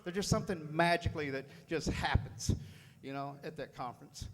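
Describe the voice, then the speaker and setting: A man's voice: on the high side, brisk. A man giving a folksy, fired-up motivational speech to a room at a sales meeting, repeating phrases for emphasis. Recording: long hall reverb.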